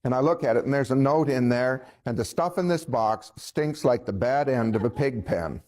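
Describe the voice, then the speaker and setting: A man's voice: medium pitch, normal speed. A man telling a personal story in a folksy way, chuckling and acting out what others said. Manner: folksy, chuckling, quoting others in lively voices.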